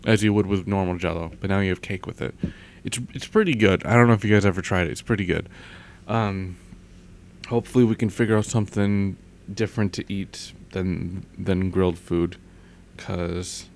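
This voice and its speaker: A young man rambles through a casual vlog monologue, stopping and restarting his sentences often. His voice sits somewhat low and sounds a little worn from talking a long time. He speaks into a close microphone with a pop filter. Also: slight background noise. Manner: rambling, halting, many restarts. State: tired, overworked throat. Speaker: vlogger.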